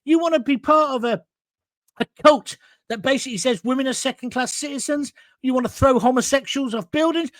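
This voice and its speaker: A man's voice: very high-pitched, fairly quick, dry recording. A man hosting a talk show, ranting bluntly and sarcastically about politics and answering viewer comments.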